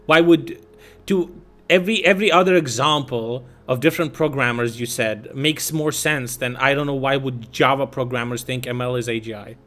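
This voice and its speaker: A man's voice: medium pitch, normal speed, pushed and bright. A young man streaming, telling a story in casual chat with a profane, exasperated, ranting manner.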